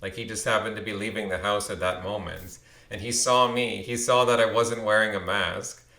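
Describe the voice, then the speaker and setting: A man in his thirties talks in a rambling, conversational way, often stopping to restart a sentence or repeat a word. His voice sits on the low side. The recording has a noticeable roomy echo. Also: fairly even intonation, normal speed, vocal fry, sharp tone. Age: 30s. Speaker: channel host. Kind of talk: casual storytelling monologue.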